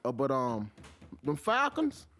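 A man, hosting his own podcast and ranting about sports in an animated, profane style. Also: takes it slowly. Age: 40s. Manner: animated, swings from low mutter to loud outbursts, heavy cursing. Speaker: podcast host. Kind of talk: profane solo sports rant.

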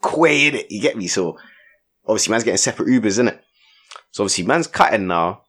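Slangy, animated young man, husky voice. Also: lowish voice, fast talker. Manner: slangy, animated storytelling with lots of "innit" and "you get me". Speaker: podcast co-host. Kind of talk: casual storytelling chat.

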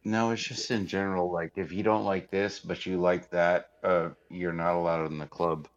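A man's voice: low voice, little pitch movement, moderate pace. A man co-hosting a podcast in casual chat, giving short, matter-of-fact replies. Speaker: podcast co-host. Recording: dull lo-fi sound.

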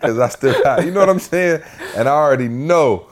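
A man's voice: on the high side, lively intonation, brisk. Amused man reacting in casual chat. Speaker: podcast co-host.

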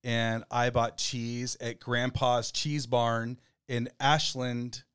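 A man co-hosting a podcast in casual chat, rambling and relaxed with plenty of fillers. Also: mid-range voice, takes it slowly, smooth. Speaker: podcast co-host.

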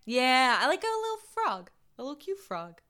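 A woman's voice: sits high, big pitch swings, moderate pace, fairly bright tone. A woman co-hosting a casual chat, teasing and laughing a lot. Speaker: podcast co-host.

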